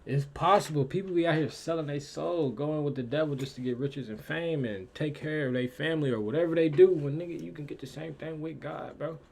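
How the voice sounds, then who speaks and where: A young man hosts a reaction video with a gravelly, rough-edged voice. He talks in thick slang, stresses his points hard, and keeps wandering into preachy asides. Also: fairly high pitch, brisk, hardly any pauses, a little mellow. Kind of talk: casual reaction commentary.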